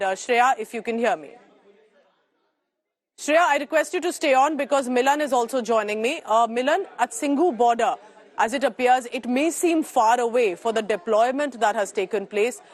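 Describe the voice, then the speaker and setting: A woman news anchor, briskly bringing in reporters on a morning telecast. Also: a little high.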